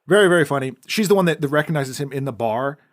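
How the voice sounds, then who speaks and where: A man co-hosting a podcast, talking casually about a film in long rambling stretches that often drop off quietly. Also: on the high side, expressive, quick pace. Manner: rambling, trails off into quiet asides. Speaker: podcast co-host.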